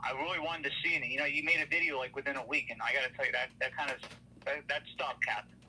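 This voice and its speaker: A man's voice: medium pitch, steady tone, rapid-fire, pushed and bright, slight background noise, low-quality recording. A man calling into a live stream for a casual chat, rambling with many fillers. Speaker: guest on a call.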